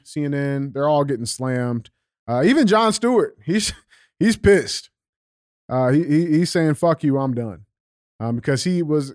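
A man's voice: a little high, no room sound, clean studio sound. A young man hosting a casual political podcast, reading out news and tweets with lots of fillers, restarts and swearing. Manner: animated, profane, many fillers and restarts. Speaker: podcast host.

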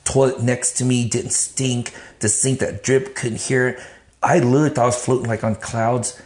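A man telling his life story in an interview, blunt and animated, swearing freely. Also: medium pitch, normal speed. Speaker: interview guest. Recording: roomy echo.

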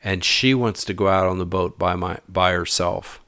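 A man's voice: low-pitched, moderate pace, clean tone, no room sound. A man telling a personal story in a casual way, acting out the dialogue and dropping to a mutter at times. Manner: animated, acts out dialogue, drops to mutters.

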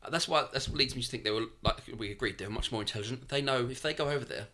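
A podcast co-host with a mid-range male voice talks very fast, pushed and bright. In a casual film discussion, he animatedly picks apart a movie's logic with rhetorical questions.

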